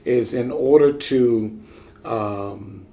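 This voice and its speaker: A man's voice: mid-range voice, drawn-out words, warm tone. A man, a pastor hosting an interview show, talking in a conversational way with enthusiastic, preacher-like affirmations.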